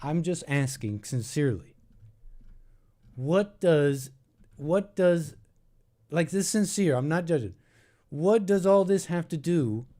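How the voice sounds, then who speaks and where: A man's voice: a little high, expressive, takes it slowly, long pauses, warm tone. A young man hosting a call-in show, rambling and thinking aloud in casual talk, with many restarts.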